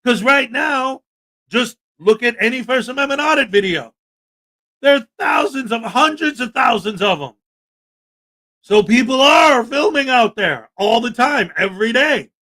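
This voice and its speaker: A man's voice: extremely high pitch, expressive, measured pace, bright, forceful tone, shouting. A man hosting a livestream, talking in an indignant, emphatic rant and reading out chat. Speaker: livestream host. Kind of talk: livestream commentary.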